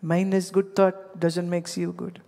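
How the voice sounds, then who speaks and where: A woman's voice: lowish voice, flat delivery, measured pace, vocal fry, dark tone, long reverb tail. A woman from India giving a spiritual discourse, telling stories and addressing her listeners directly. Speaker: spiritual teacher.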